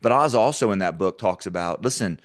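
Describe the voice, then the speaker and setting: A man's voice: deep voice, expressive, a little fast, no echo, clean studio sound. A man speaking as a guest in a conversational interview, earnest and talking through frequent stammered restarts.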